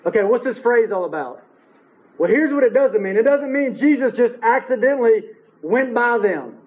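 A man's voice: very high voice, animated, moderate pace, darkish tone, poor audio. A man preaching an expository sermon, stressing key phrases by repeating them and asking his listeners rhetorical questions. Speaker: pastor.

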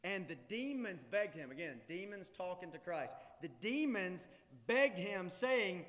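A male pastor preaching a sermon in a church, emphatic, swinging from loud urgency to hushed intensity. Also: high voice, lively intonation, measured pace, hardly any pauses. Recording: long hall reverb.

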